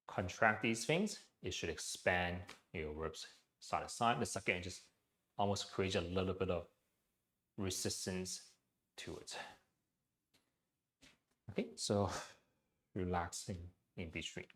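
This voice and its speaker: A man leading a guided breathing exercise class into his own mic, speaking gently, with frequent "okay" and "um". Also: low voice. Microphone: personal mic.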